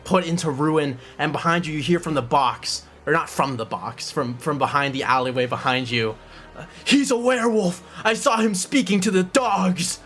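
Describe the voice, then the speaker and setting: Game master, man with a high voice, casual descriptive narration. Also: a bit bright.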